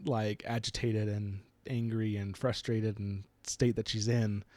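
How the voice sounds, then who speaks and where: A man's voice: on the low side, unhurried, dry recording. A man co-hosting a book discussion podcast, casually retelling scenes and acting out the characters' lines. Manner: animated, retells scenes with quoted voices. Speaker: podcast co-host.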